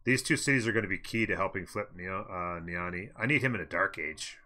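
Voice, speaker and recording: A man's voice: deep voice, fairly quick, bright, forceful tone. Man thinking aloud through his strategy game. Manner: chatty, muttering to himself, answering chat. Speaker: let's play host.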